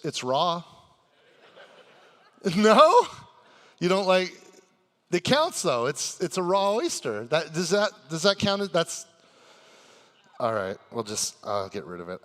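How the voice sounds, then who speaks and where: Male stage host, excitable crowd-hyper with a forceful, slightly high voice, breaks into shouts. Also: unhurried, long pauses, big-room sound. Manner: excitable, hype-building, bursts into shouts. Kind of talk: live stage hosting for a crowd. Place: convention stage before a live audience.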